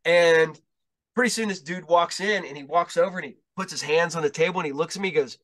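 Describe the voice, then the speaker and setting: A man's voice: a little high, fast, a bit bright. A male podcast host telling rambling, profane stories in casual chat, acting out the dialogue as he goes.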